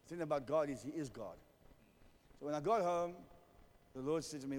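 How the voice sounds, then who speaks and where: High-voiced pastor preaching. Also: male voice, a little fast, darkish tone, long reverb tail. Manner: storytelling, humorous, calls for amens. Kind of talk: sermon.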